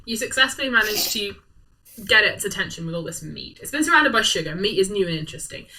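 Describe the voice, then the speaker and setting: A woman runs a tabletop game, narrating with a bright, forceful voice and bursts of giggling. She adds silly bouncing sound effects. The mic sits a bit away, with a faint hiss underneath. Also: mid-range voice, lively intonation, quick pace. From United Kingdom. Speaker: dungeon master. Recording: slightly distant mic with faint noise.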